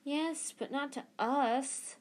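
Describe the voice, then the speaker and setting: A woman's voice: on the high side, a little slow, warm tone, close to an everyday voice. Woman doing a hot-headed schoolboy, exasperated, storybook reading.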